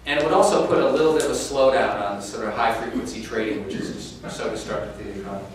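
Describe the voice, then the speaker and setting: A man's voice: lowish voice, rapid-fire, a crowd in the background. A man giving a public talk to a conference audience, telling a story and speaking directly to the listeners. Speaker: keynote speaker on inequality. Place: conference room. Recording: echoey room from far off, faint noise.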